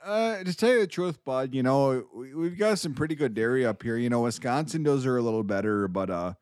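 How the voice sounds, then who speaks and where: A man's voice: medium pitch, expressive, a little fast, a little mellow, smooth, no echo, studio quality, lightly acted. A man putting on a folksy, polite Minnesotan man with a Minnesotan accent, who keeps calling people bud.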